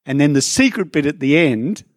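A man's voice: a little high, lively intonation, moderate pace, no room sound, studio quality. A man preaching a sermon to a church congregation, talking conversationally with asides to people in the room. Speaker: pastor.

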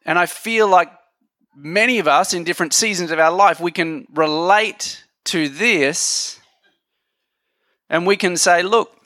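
A man's voice: mid-range voice, pushed and bright, dry recording, studio quality. A man preaching a sermon in a conversational, joking way, talking with his audience.

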